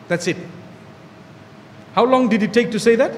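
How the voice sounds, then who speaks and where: A man preaching a sermon to a gathering of young people, animated and repeating key phrases for emphasis. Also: high voice, normal speed, pauses often, big-room sound, a little hiss or hum. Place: hall with an audience.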